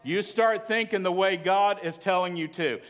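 A man's voice: high voice, moderate pace, fairly bright tone. A man preaching a sermon as pastor, chatty and asking the congregation questions. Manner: conversational, asks the congregation questions.

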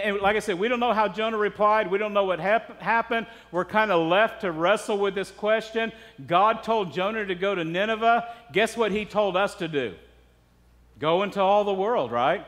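A man's voice: high voice, fairly bright tone. A man preaching a sermon as pastor, talking conversationally and putting rhetorical questions to the congregation. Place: church sanctuary. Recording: long reverb of a church hall.

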